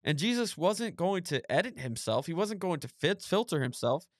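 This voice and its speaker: A podcast host with a fairly high, very animated voice preaches emphatically, reading scripture and repeating phrases to drive points home. He speaks at a moderate pace, and the recording is clean studio sound with no room echo.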